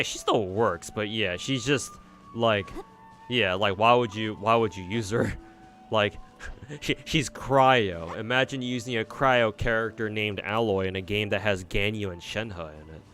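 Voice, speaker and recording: Male streamer with a fairly low voice; loose, sweary, rambling gameplay chatter. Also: measured pace, fairly bright tone, faint music behind. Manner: rambling, profane, frequent fillers and restarts. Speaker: game streamer. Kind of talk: casual gameplay commentary.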